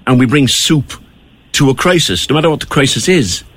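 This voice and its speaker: A man's voice: medium pitch, fairly quick, husky, no echo. A man with a Cork accent hosting a radio show, chatty and fond of telling stories. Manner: chatty, storytelling, animated. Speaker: radio host. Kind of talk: casual radio chat.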